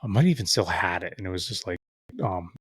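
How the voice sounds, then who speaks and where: A man's voice: low voice, lively intonation, brisk, slightly rough, dry recording. A young man, a podcast guest, telling a long casual story, rambling and swearing often and acting out what others said. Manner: rambling, heavy swearing, acts out quoted voices.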